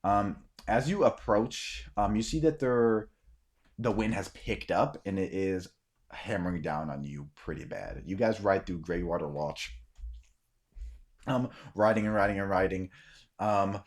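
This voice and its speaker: A man narrating a tabletop game as game master in a loose style with many fillers. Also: fairly low pitch.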